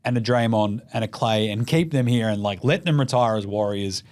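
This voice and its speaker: A man's voice: lowish voice, a little fast. An Australian man hosting a casual sports show, swearing freely and joking as he runs through his takes. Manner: profane, jokey, animated with mocking put-on voices. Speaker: podcast host.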